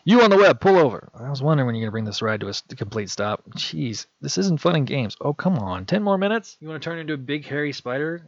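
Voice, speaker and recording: A man's voice: a little high, very animated, quick pace, hardly any pauses, no room sound. A man voicing a playful young woman who teases her boyfriend. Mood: teasing. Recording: dull lo-fi dry recording.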